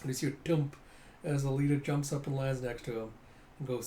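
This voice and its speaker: A man casually reading through a comic, narrating in an excitable way, constantly saying "you see" and "he's like.". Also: medium pitch, brisk, slight background noise. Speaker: comic reader.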